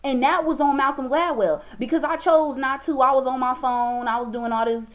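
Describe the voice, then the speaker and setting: A high-pitched young woman vlogging in a casual, motivational monologue. She talks in a loose, expressive way, often calling her viewers "baby" and "y'all". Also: normal speed.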